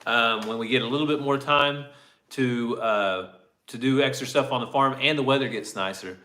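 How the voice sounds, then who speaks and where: A man's voice: mid-range voice, moderate pace, sharp tone. A man co-hosting a casual farm livestream, easygoing and greeting viewers by name. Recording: echoey room.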